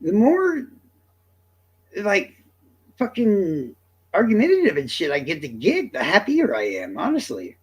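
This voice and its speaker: A man's voice: high voice, huge pitch swings, measured pace, long pauses, darkish tone, husky. A man streamer from the American South, delivering a profane, combative rant straight at his chat. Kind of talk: ranting livestream monologue.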